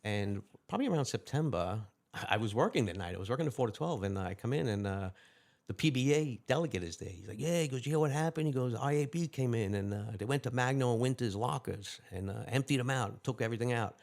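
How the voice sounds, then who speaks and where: Speaking as a guest in a relaxed interview, a retired lieutenant with a gravelly, mid-range voice races through animated anecdotes, acting out other people's lines in quick bursts of dialogue.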